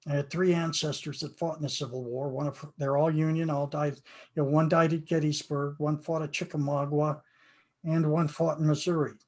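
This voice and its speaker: A man's voice: fairly high pitch, little pitch movement, normal speed, darkish tone. An older American man, a game author, giving an earnest, reflective interview and often repeating himself. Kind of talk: conversational interview.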